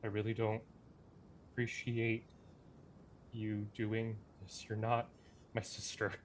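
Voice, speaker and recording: A man's voice: on the low side, completely flat delivery, takes it slowly, a little hiss or hum. A man player speaking in character, curt and guarded. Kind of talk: in-character role-play.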